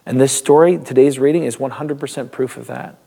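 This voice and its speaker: A man's voice: medium pitch, steady tone, a little fast, vocal fry, warm tone. Man, pastor, reading scripture and talking through it, casual, mid-range voice. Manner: reads scripture, then talks loosely with restarts and small laughs. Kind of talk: devotional Bible teaching.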